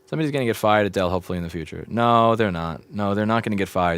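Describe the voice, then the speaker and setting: Man, 30s, repair-shop streamer; loose ranting delivery, swears, big swings between loud and mumbled, dry close sound. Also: fairly low pitch, rapid-fire, hardly any pauses, clean tone, dry recording. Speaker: livestream host, repair technician. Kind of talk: casual livestream rant.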